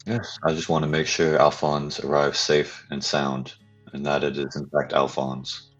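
A man's voice: a bass voice, level tone, unhurried, muffled recording, faint music behind. A man playing a character in a tabletop role-playing game, speaking earnestly in character. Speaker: player.

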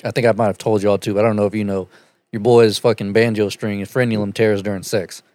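A man's voice: lowish voice, flat delivery, fast talker, darkish tone, no room sound. A man hosting a podcast, telling crude stories with lots of swearing and laughter. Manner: profane, laughing storyteller. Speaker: podcast host. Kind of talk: casual crude podcast banter.

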